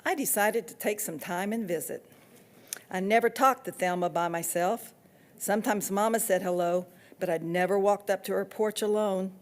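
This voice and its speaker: A woman author reading from her own novel with steady, expressive storytelling. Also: mid-range voice, moderate pace.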